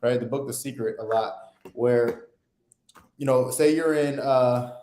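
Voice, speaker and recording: A man's voice: mid-range voice, unhurried, mellow, echoey room. A young man, co-host of a podcast, explaining an idea in loose casual talk, often tagging "right?" onto his sentences. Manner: loose, filler-heavy, keeps asking "right?".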